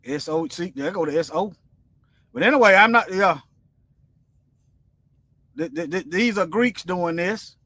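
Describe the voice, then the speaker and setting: A man teaching scripture in a loose, conversational livestream, wandering between points and pressing them home with force. His voice sits high and sounds sharp and bright. The sound is close and dry, with no room echo. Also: expressive, a little slow, long pauses. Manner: colloquial, rambling, emphatic preaching. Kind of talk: informal livestream Bible teaching.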